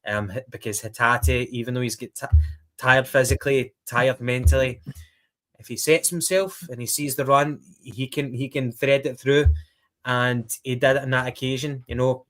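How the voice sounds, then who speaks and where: Guy on a football podcast, lots of ums, gets animated going over the match. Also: mid-range voice, normal speed. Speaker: podcast co-host. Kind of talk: casual football chat.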